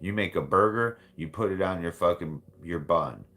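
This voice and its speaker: A man's voice: sits low, moderate pace, fairly bright tone. A man hosting a casual talk stream, speaking bluntly with frequent swearing and laughter. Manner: blunt and profane, laughs often. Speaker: livestream host. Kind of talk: casual chat.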